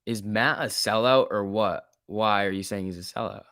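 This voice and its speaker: A man's voice: lowish voice, moderate pace, a bit bright, smooth, no echo, studio quality. A man casually commenting on a livestream and reading out chat, laid-back and chatty, laughing often. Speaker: stock market livestream host.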